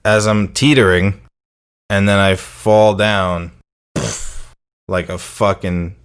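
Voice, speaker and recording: A man's voice: low-pitched, level tone, slow, smooth. A young man co-hosting a podcast, telling a laid-back, profane story in casual chat. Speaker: podcast co-host.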